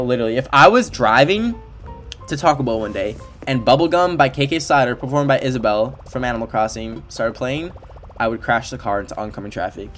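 A young man from Canada chatting casually while playing a video game on a livestream, playful and full of fillers, sometimes singing along in nonsense syllables. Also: medium pitch. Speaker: streamer. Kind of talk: casual livestream gameplay chat. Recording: faint background game music.

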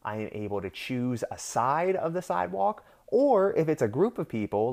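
A man's voice: fairly low pitch, darkish tone. Young man ranting through a story. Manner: heated, ranting, swears freely. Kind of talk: casual storytelling rant.

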